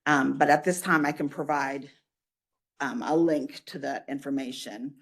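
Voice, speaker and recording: At a public commission meeting, a woman from a state agency presents and answers questions in a measured way, using frequent fillers. Her voice is a rumbling low and slightly rough.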